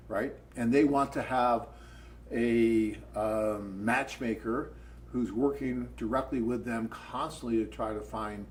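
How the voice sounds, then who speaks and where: An American man co-hosting a live dating-agency Q&A, telling stories in an animated, chatty way. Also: medium pitch, slight background noise, low-quality recording. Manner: animated storyteller, chatty and upbeat. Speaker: co-host of a dating agency webcast. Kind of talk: casual live Q&A chat.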